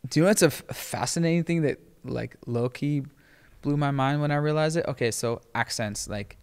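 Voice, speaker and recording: A man hosting a podcast, talking in a loose, rambling way with many fillers and getting animated as he tells stories. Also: a little high, brisk, clean tone, in a large hall. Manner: rambling, heavy filler words, animated when telling stories. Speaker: podcast host. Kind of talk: casual chat.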